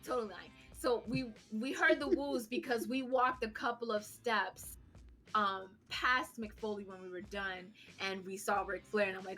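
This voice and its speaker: Bright-voiced woman telling a wild story. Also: mid-range voice, moderate pace, faint music behind. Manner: animated, swearing, self-mocking storyteller. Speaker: podcast co-host. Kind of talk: casual storytelling chat.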